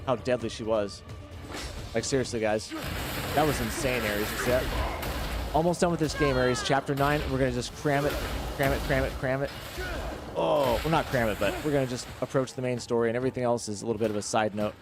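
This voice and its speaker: A man streaming a game live, chatting with viewers and reacting excitedly as he plays. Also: medium pitch, fairly quick, music in the background. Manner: chatty, reads chat, excitable. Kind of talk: live gameplay commentary.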